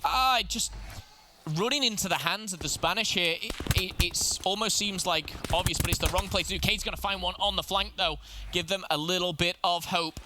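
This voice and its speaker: A man commentating a competitive video game match, excitable and analytical, often restarting his sentences, with game noise behind him. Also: high-pitched, moderate pace. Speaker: esports caster. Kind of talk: play-by-play commentary.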